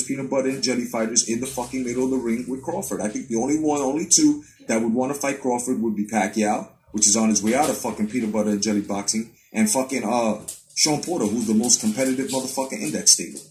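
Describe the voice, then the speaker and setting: A man hosting a live boxing stream in a heated, swear-laden rant. His pitch sits in the middle range for a man, and he circles back over and over to drive each point home. He sounds like he is talking straight into a webcam mic. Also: a little mellow, a little hiss or hum, poor audio. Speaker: boxing commentary host.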